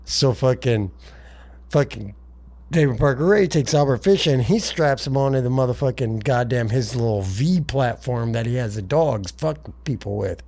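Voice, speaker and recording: A man's voice: mid-range voice, animated, moderate pace, a little mellow. A man co-hosting a podcast, telling a long profane comic story in casual chat and voicing the characters in passing. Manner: rambling, profane storytelling with voiced asides. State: been drinking. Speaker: podcast co-host.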